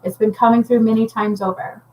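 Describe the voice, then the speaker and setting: Higher-voiced woman, intense rambling healer. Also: fairly even intonation, brisk, dark tone, slight background noise, low-quality recording. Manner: intense, rambling, checks in with frequent "okay?". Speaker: spiritual healer and medium. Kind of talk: casual livestream talk to viewers.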